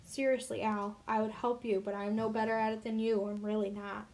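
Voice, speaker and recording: A woman's voice: medium pitch, level tone, brisk, a little mellow, lightly acted. A woman reading aloud as an easygoing teenage boy who jokes in a folksy, self-mocking way. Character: easygoing teenage boy, big brother, joking.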